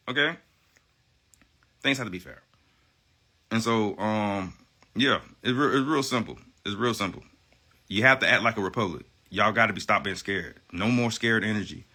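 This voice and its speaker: A man's voice: fairly low pitch, bright, forceful tone. A man ranting on a livestream, emphatic, profane and defiant, hammering his points by repeating phrases. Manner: defiant, self-assured. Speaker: livestream guest. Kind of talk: heated livestream rant.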